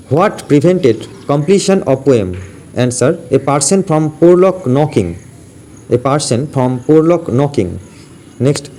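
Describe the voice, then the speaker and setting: A man with an Indian English accent teaching an exam-prep lesson, asking each question and then repeating its answer in a steady drill. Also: a little high. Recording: faint background noise.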